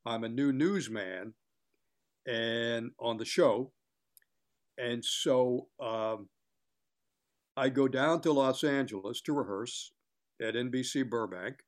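An older man, a longtime sports broadcaster, telling chatty anecdotes in an interview and acting out what others said. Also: mid-range voice. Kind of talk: casual storytelling in an interview.

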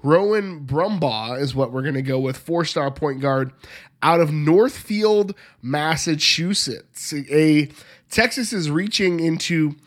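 A man co-hosting a sports podcast, reading dry, brisk news updates. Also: fairly high pitch, lively intonation. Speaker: co-host. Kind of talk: sports news rundown and chat.

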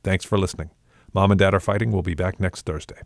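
A man hosting a podcast addresses his listeners directly in a friendly scripted read. His voice is low and gravelly with plenty of fry, and the sound is close and dry. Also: fairly even intonation, fast talker, no echo. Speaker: podcast host.

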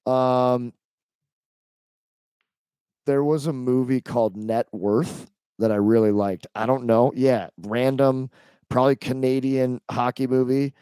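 A man's voice: medium pitch, steady tone, slow pace, long pauses, dark tone, clear, resonant tone, no echo. A man co-hosting a podcast, chatty, joking and opinionated in casual talk. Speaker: podcast co-host. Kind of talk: casual chat.

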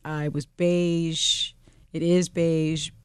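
A woman guest in a casual interview, telling an animated story and laughing often. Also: low-pitched, takes it slowly, smooth, no echo, studio quality.

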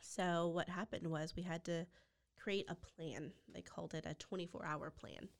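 A woman, a podcast guest and foster mother, telling a personal story with deep feeling and sometimes dropping to a near-whisper. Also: steady tone, normal speed. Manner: heartfelt, drops to near-whispers when quoting others.

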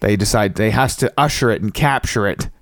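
A man's voice: on the low side, fairly quick, fairly bright tone, no echo, clean studio sound. A Canadian man hosting a podcast, chatting casually and joking with his guest. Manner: joking, rambling with fillers. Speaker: podcast host. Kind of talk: casual interview chat.

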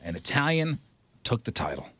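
A man's voice: mid-range voice, sing-song, normal speed, a bit bright, breathy edge, dry recording. A man hosting a morning radio show, reading out poll results between jokes and laughing with his co-hosts. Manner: reads poll results aloud, laughs often.

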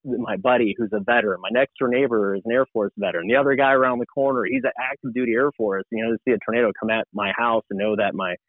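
A man working as a TV meteorologist, talking casually as a guest and telling animated stories, acting out what people said. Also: mid-range voice, fast talker, hardly any pauses, no room sound. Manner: animated storyteller, acts out quoted dialogue. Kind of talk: casual podcast conversation. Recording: dry phone-like sound.

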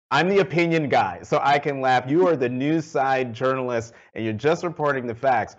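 A man's voice: medium pitch, moderate pace, hardly any pauses. Man hosting, dull lo-fi sound. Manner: conversational, laughs easily. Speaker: host. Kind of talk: hosting a news interview.

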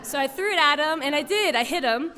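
A woman's voice: high voice, expressive, brisk, pushed and bright. Chatty woman storyteller in an echoing hall. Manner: chatty, full of "like" and "um" fillers. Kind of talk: personal storytelling to an audience. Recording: long reverb of a hall.

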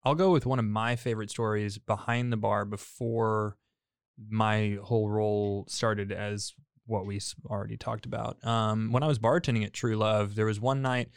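A man's voice: fairly low pitch, little pitch movement, normal speed, vocal fry, clean tone, no room sound, clean studio sound. A man, a bartender guest telling stories and cracking jokes. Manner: joking, storytelling. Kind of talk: casual chat.

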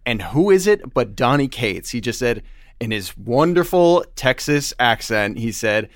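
Male podcast co-host, mid-pitched, eager storyteller, close dry sound. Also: lively intonation, unhurried, a bit bright, dry recording. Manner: enthusiastic storyteller, filler-heavy. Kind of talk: casual podcast chat.

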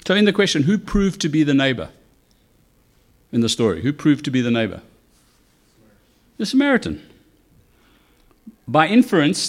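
A man preaching a conversational sermon, animated, with acted asides. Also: mid-range voice. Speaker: pastor.

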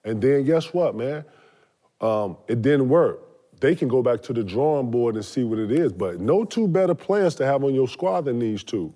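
A man's voice: medium pitch, animated, normal speed, mellow. Laid-back man saying "man" a lot. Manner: laid-back slang, says "man" a lot, argues stubbornly. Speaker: podcast co-host. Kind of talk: casual sports talk.

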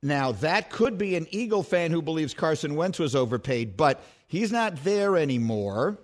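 A man's voice: on the high side, animated, normal speed. A man hosting a sports call-in radio show, bantering playfully and teasing in a game-show manner.

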